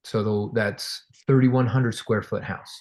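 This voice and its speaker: Animated storytelling man teaching real estate. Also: fairly low pitch, takes it slowly. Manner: animated, acts out quoted voices; conversational with fillers and restarts. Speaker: real estate investing trainer. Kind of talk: casual storytelling lesson.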